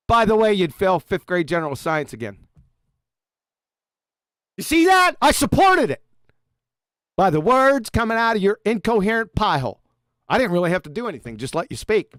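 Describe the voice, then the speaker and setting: A man's voice: big pitch swings, moderate pace, pauses often, no echo, studio quality. Sarcastic swearing man ranting. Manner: sarcastic, insulting, heavy swearing; dramatic swings from loud jabs to low mutters. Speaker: YouTube debunker. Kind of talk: profane mocking rant reacting to a critic.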